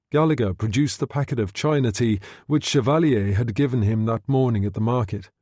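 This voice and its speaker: A man narrating a thriller audiobook in an expressive reading style. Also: mid-range voice, brisk, few pauses, dry recording, studio quality. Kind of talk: scripted narration.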